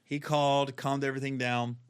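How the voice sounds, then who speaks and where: A man's voice: medium pitch, little pitch movement, a little fast, clean tone. A man, a comedian, telling a story in a casual chat and acting out the voices of the people in it.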